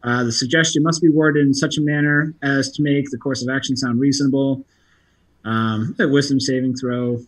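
A man's voice: mid-range voice, steady tone, normal speed, low-quality recording. A man playing in a tabletop role-playing game, reading spell rules aloud with hesitant fillers. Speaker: player.

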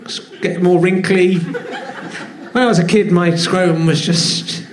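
A man's voice: sits high, takes it slowly, roomy sound, slight background noise. Giggly middle-aged male host. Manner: giggly, rambling banter. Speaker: podcast host. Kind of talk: casual comedic interview.

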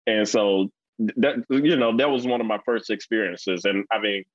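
A man in his forties with a Mississippi accent, a guest in a casual interview who tells stories bluntly and talks fast. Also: lowish voice, dry recording. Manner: blunt, animated storyteller, fast-talking. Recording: dull lo-fi dry recording.

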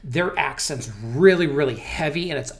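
An American man hosting a business interview, animated and full of restarts, leaning hard on stressed words. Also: on the high side, moderate pace, creaky. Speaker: business owner and host. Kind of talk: conversational interview.

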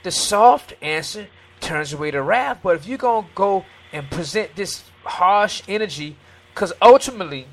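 A man talking earnestly in a faith-based discussion, his voice a little higher than most and bright, with a forceful edge. He quotes scripture and acts out little scenes of dialogue as he makes his case. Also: animated, moderate pace.

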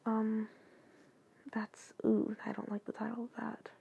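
A woman's voice: a little high, monotone, a little slow, gravelly, slightly rough, narrow, tinny audio. A woman hosting a casual copypasta reading, talking hesitantly with many fillers and asides.

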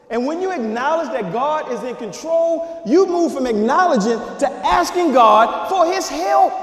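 High-voiced preaching man in echoey hall. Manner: emphatic preaching, swinging from shouts to low asides. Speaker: pastor. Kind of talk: sermon.

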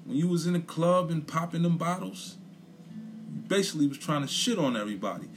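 A man's voice: fairly high pitch, brisk, noisy background. A young man gives a blunt, profane opinion rant in casual chat, repeating his points for emphasis. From Brooklyn, New York. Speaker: commentator.

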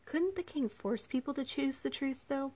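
A woman's voice: high-pitched, normal speed, a little mellow, voice pushed up, natural voice. An earnest young woman full of questions, her voice lifted a little with worry, as a woman narrator puts her on. She pleads and probes in a storybook reading. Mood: earnest, troubled. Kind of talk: audiobook character reading.

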